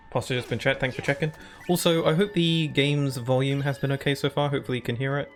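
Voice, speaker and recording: A man's voice: medium pitch, steady tone, quick pace. A man giving rambling, chatty live-stream commentary while he plays, often laughing at himself. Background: faint game music.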